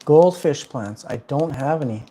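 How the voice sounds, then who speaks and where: A man's voice: fairly high pitch, animated, normal speed, mellow. Chatty man talking plants. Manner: chatty, rambling, lots of "um" and "like". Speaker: plant livestream host. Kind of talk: casual livestream chat answering viewer questions. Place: at home indoors.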